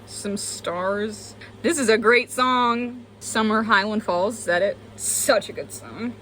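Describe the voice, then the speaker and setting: A woman's voice: mid-range voice, slow, slight background noise. A young woman giving a casual, self-mocking tour of her old sketchbook as a vlogger. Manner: chatty, self-mocking, animated. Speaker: artist and vlogger.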